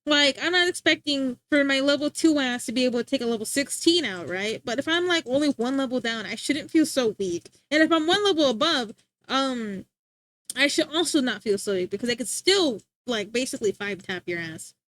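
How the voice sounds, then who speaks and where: A woman's voice: high-pitched, animated, fairly quick, a bit bright. A young adult woman streaming, rambling in casual chat and answering her chat, often restarting her sentences.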